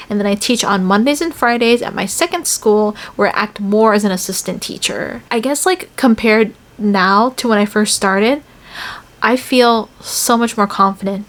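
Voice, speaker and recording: A young woman from the United States talking casually about her year teaching English in Korea, telling stories in a chatty way with lots of "like" fillers. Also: mid-range voice. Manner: chatty, many "like" fillers, animated storytelling. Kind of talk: casual vlog chat.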